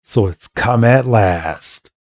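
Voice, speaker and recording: A man's voice: mid-range voice, slow pace, no room sound. A man voicing a cocky, condescending boy rival in a smug, taunting manner. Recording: dull lo-fi podcast mic.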